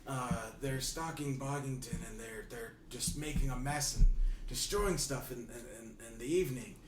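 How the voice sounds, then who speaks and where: A man's voice: medium pitch, natural voice. A man doing a nervous stammering frog. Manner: hesitant, halting, full of ums. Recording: roomy, distant mic, noisy.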